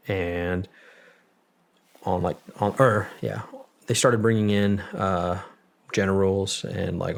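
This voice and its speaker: A man with a very low, gravelly voice recounts his story as an interview guest. He rambles casually and swears freely as he talks.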